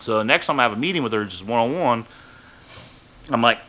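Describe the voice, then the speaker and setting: A man's voice: medium pitch, animated, fairly quick, sharp tone, a little hiss or hum. A man casually telling a rambling, profane story from his own life on a podcast, full of fillers.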